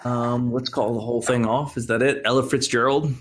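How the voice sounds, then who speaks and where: A man's voice: mid-range voice, little pitch movement, brisk, slight background noise. An American man hosting a podcast in casual, laid-back banter, swearing freely and trailing off with ums. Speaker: podcast host.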